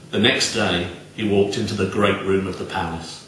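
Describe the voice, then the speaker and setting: A man telling a folk tale in an expressive, dramatic way. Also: low voice, moderate pace, few pauses, slight background noise. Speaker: storyteller. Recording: very echoey room, distant mic.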